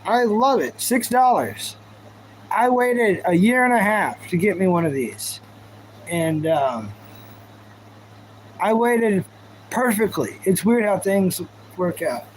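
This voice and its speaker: High-voiced rambling man streaming live. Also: lively intonation, slow, pauses often, a little hiss or hum, poor audio. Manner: goofy, rambling, talks to chat. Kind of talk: casual live-stream chat.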